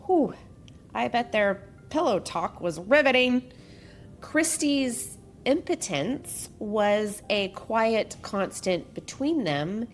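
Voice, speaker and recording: A woman's voice: on the high side, very animated, takes it slowly, a little hiss or hum. A woman hosting a podcast, reading a true-crime story in a casual way and breaking off for joking asides. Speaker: podcast host.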